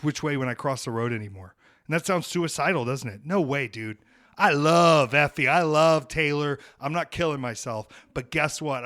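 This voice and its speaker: A man's voice: fairly high pitch, fairly bright tone. A young adult man hosting a podcast, ranting in a heated, profane and emphatic way. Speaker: podcast host.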